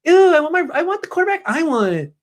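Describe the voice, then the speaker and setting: A man putting on a high, whining voice as a grown man sulking like a child. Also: sing-song, fast.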